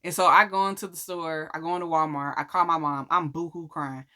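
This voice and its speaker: A woman's voice: low-pitched, steady tone, a little fast, sharp tone. A woman casually telling her personal faith testimony in a chatty, slangy way, acting out what people said. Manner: chatty, slangy, acts out quotes. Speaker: vlogger sharing a faith testimony. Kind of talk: casual storytelling.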